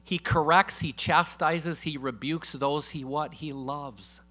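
An older man preaching in a high, bright voice. He talks casually and emphatically, shifting between booming declarations and hushed asides, and keeps asking the congregation for an amen. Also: fairly even intonation, slow pace. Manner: conversational and emphatic, swinging between loud declarations and quiet asides; calls for congregation responses. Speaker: guest preacher. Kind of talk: sermon. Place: church.

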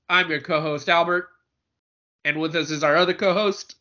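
A man's voice: fairly high pitch, fairly even intonation, moderate pace, pushed and bright, highs cut off. A man co-hosting a podcast in a casual, joking chat, often repeating words as he starts a thought. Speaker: podcast co-host.

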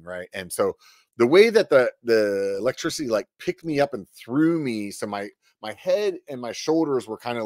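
A middle-aged man telling a story casually on a podcast, animated, with lots of filler words and cursing. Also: fairly low pitch, dry recording, clean studio sound. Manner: animated, swearing, many "like" fillers. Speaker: podcast guest.

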